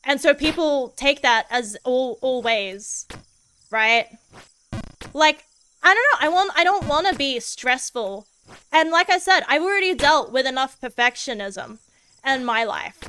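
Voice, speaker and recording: A woman's voice: high voice, expressive, unhurried, pushed and bright, clear, resonant tone, rough recording. A woman streaming a game as a VTuber, chatting casually in a goofy, laid-back way and swearing freely.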